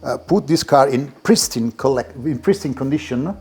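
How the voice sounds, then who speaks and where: Husky man with an Italian accent. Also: medium pitch, expressive, darkish tone, soft background music. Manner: halting English with many restarts, enthusiastic about cars. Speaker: car collector giving a tour. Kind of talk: casual interview while walking a car collection. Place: indoor garage.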